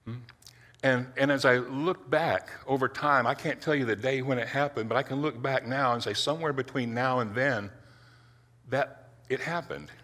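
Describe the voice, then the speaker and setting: Earnest, tense-voiced preacher, echoing hall. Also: male voice, medium pitch, a bit bright. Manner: earnest, halting, with many restarts. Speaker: preacher giving a testimony. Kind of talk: personal testimony sermon.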